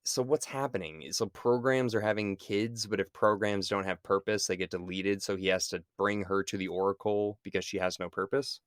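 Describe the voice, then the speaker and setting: A man co-hosting a podcast, chatting casually about movies, animated, acting out quotes and swearing casually. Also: lowish voice, clean tone, no room sound, clean studio sound. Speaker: podcast co-host.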